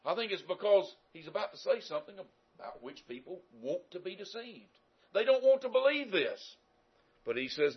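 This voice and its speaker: A man preaching a sermon, emphatic, dropping quiet and then rising loud. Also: high-pitched, big pitch swings, moderate pace, husky, lo-fi sound.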